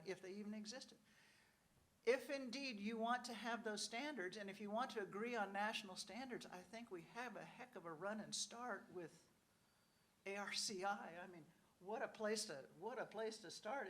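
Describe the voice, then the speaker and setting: A woman's voice: mid-range voice, a bit bright. A woman speaking as a panelist at a conference. She talks conversationally, often says "you know", and acts out what officials might say. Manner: frequent "you know" asides. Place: conference hall.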